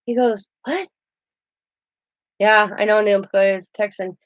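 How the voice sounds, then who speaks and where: On a lo-fi, muffled-free but room-less recording, a craft channel host talks slowly in a mid-range voice with fairly even intonation. She's doing a casual show-and-tell vlog, chatting and laughing through rambling stories about the keepsakes she holds up.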